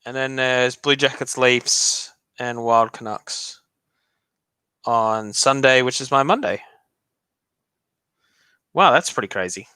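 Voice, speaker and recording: A man's voice: mid-range voice, slow pace, long pauses, sharp tone, clean tone, no room sound. A man from Australia with a refined, slightly British-leaning accent, hosting a live stream and giving chatty, joking hockey reaction commentary with frequent laughs.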